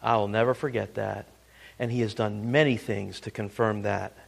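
A middle-aged man preaching a sermon, keeps prompting listeners with "listen" and "ready?", swinging dramatically between booming lines and hushed asides. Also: fairly even intonation, normal speed, gravelly.

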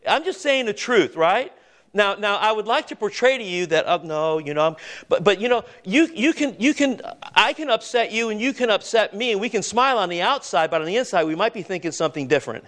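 A pastor preaches with lively intonation, questioning his congregation and waiting to hear back. To stress a point, he lowers his voice to a quiet register, and he lingers on key words.

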